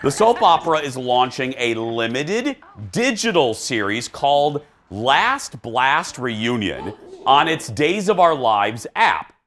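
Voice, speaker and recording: Animated chatty male talk show host. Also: medium pitch, takes it slowly. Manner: animated and chatty, laughing often. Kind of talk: casual chat.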